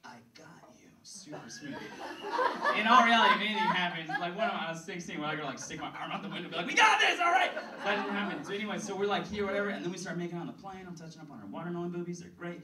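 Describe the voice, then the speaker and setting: A young man tells rambling, self-deprecating stand-up stories and keeps breaking into laughter at his own jokes. His voice sits high for a man. He is picked up from a distance in a roomy, echoing space with loud noise underneath. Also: rapid-fire, few pauses, a loud crowd. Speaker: stand-up comedian. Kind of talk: stand-up storytelling. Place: comedy venue stage.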